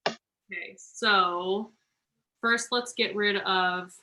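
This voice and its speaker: Bright-voiced woman tutoring math. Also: medium pitch, steady tone, rough recording. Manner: encouraging, talks through steps slowly. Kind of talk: online tutoring session.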